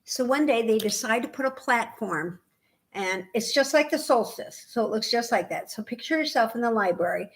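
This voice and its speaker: A woman co-hosting a podcast in casual chat, telling animated, rambling stories. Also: a little high, normal speed. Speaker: podcast co-host.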